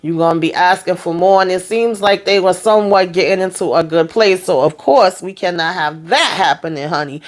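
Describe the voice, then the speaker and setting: Low-ish woman's voice, casual tv recap, sassy asides, acts out the lines. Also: brisk, hardly any pauses. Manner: chatty, retells scenes with quoted dialogue and sassy asides. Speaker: TV recap vlogger.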